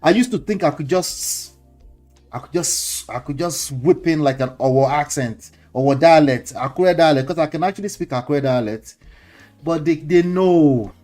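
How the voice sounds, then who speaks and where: A man's voice: a little high, normal speed, a little mellow, faint music behind. Lecturing Nigerian man hosting a commentary show. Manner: lecturing, repeats points, chuckles, mixes in pidgin words. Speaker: host.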